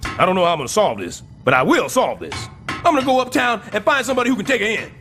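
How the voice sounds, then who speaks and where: An actor playing a loud, wisecracking, scheming middle-aged building super in an animated sitcom. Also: male voice, fast talker, soft background music, full character voice. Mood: blustering. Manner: loud, wisecracking, swings wildly in pitch.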